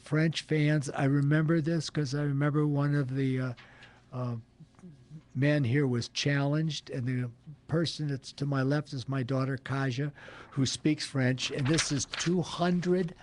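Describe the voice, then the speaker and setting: An older man hosting a radio talk show, chatting casually in a rambling, halting way, with jokey asides. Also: a little high, fairly even intonation, a little mellow. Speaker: show host.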